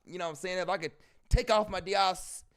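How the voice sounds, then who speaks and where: Young man, streamer, fairly high voice, rambling asides. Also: steady tone, a little fast, a bit bright. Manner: rambling, self-interrupting asides. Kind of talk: casual chat.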